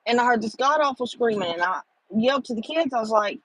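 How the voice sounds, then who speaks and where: A woman's voice: on the high side, fast talker, hardly any pauses, breathy edge, no echo, rough recording. A middle-aged woman, chatting with viewers on a casual livestream and rambling with lots of fillers. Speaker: livestream host.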